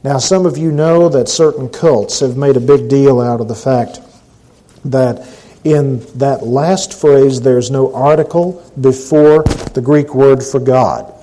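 A man preaching a sermon, emphatic and deliberate, repeating key phrases slowly for stress and at times dropping to a hushed delivery. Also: mid-range voice, poor audio.

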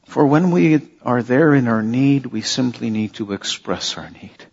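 Slow, husky-voiced preacher man. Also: medium pitch, animated, a little mellow, big-room sound. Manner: earnest, repeats phrases for emphasis, rhetorical questions. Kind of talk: sermon. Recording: dull lo-fi sermon recording.

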